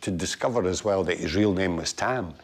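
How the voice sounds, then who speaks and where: A man in an interview, talking enthusiastically with some halting fillers. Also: deep voice, a little hiss or hum. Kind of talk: casual interview talk.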